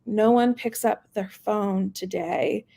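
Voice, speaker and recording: A woman sales executive in casual interview chat, animated, laughing often and acting out quoted phone calls. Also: medium pitch, slow, gravelly.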